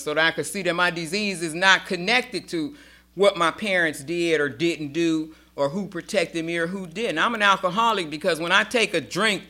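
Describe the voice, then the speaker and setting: A woman's voice: deep voice, sharp tone. A middle-aged woman sharing her personal testimony at a recovery meeting, telling her story emphatically and acting out the dialogue she quotes.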